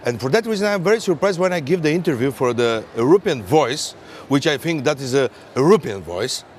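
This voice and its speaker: A man from Bulgaria speaking emphatic, halting English with frequent fillers, his voice sitting a little high for a man. Faint noise hums behind him. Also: expressive. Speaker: member of European Parliament. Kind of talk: round table discussion.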